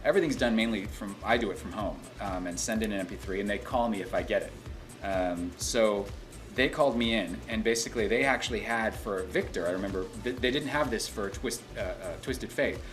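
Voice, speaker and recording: A man with a fairly low voice talks loosely about his voice acting work, stopping and restarting his sentences often. Soft music plays faintly underneath. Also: fairly quick. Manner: rambling, many restarts. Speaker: voice actor. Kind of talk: casual interview talk.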